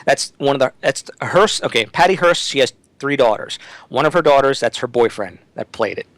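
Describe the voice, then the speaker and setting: A man's voice: medium pitch, expressive, fairly quick, fairly bright tone, dry recording, low-quality recording. A man as a guest on a talk-radio interview, speaking emphatically and often restarting his sentences.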